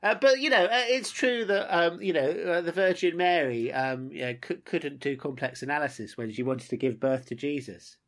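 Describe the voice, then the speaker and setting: A man's voice: fairly high pitch, normal speed, hardly any pauses, a bit bright. A man co-hosting a podcast, hesitant with many fillers and dry wit. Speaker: podcast co-host. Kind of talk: casual chat.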